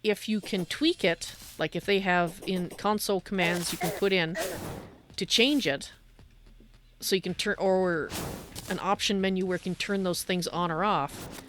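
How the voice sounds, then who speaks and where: A woman's voice: on the low side, a little slow, a bit bright, a little hiss or hum. A woman livestreaming a game, giving blunt, opinionated and sardonic commentary as she plays. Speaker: livestream gamer. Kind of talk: casual gameplay commentary.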